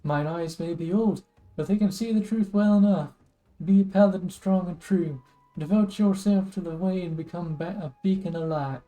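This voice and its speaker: A woman's voice: lowish voice, normal speed, mellow, soft background music, lightly acted, rough recording. Woman doing an old Southern paladin mentor. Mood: solemn. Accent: put-on Southern US. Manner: solemn, advising. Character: older male paladin mentor, earnest.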